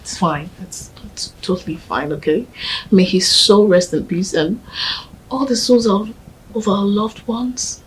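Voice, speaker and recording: An actress playing a gentle young woman who tenderly coaxes her grieving partner, often speaking in a hush. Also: medium pitch, unhurried, a little hiss or hum, lightly acted, rough recording. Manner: tender and coaxing, often hushed. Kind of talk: film drama acting.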